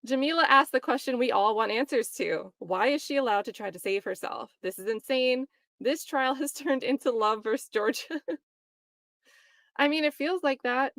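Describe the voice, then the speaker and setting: A woman's voice: high-pitched, normal speed, fairly bright tone, no room sound. Woman, livestream host, chatty, laughing, dry sound. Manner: chatty, laughs often, mocks quoted voices. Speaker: livestream host commenting on a trial. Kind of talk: casual livestream commentary reading chat.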